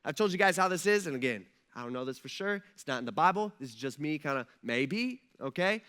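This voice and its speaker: Bright-voiced, animated male pastor. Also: on the high side, a little fast, clear, resonant tone. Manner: conversational and animated, with many fillers. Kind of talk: sermon.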